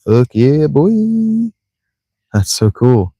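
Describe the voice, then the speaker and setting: A man with a lowish voice chatting his way through a video game, rambling and joking to himself and mangling words for fun. He talks from a sleeping bag in a tent. The sound is dry and close. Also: normal speed, warm tone, no room sound, muffled recording. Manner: rambling, joking self-talk with playful mispronunciations. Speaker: let's play streamer. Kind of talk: casual gameplay commentary.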